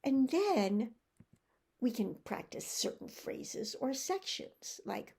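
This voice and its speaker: A middle-aged woman giving a recorded teacher-training presentation, speaking slowly and deliberately in a teacherly way. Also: a little high, very animated, vocal fry, warm tone, breathy edge. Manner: slow, deliberate teacherly delivery with acted drill examples.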